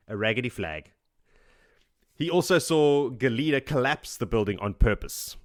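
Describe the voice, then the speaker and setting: A man's voice: medium pitch, lively intonation, moderate pace, no echo, studio quality. A man hosting a podcast, recapping a book chapter by chapter in a casual, joking way with frequent laughs. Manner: joking, chatty, laughs often. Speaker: podcast host.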